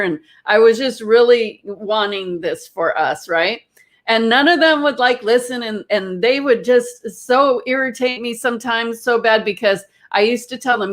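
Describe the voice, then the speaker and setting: A woman with a fairly high voice tells a personal story to a group in a loose, chatty way. She is an energy healer, and her talk rambles, doubles back and fills gaps with little filler words. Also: fairly bright tone.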